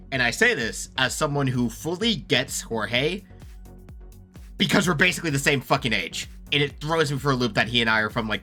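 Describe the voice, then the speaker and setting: A man's voice: mid-range voice, pushed and bright. A young man giving rambling, casual commentary as he ranks songs, full of filler words and the odd swear. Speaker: YouTuber ranking songs.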